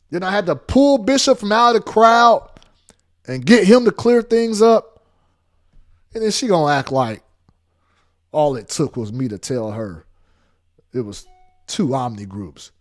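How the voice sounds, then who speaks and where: A man telling a story in a casual monologue, repeating phrases for emphasis. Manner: animated, acts out quotes with big pitch jumps.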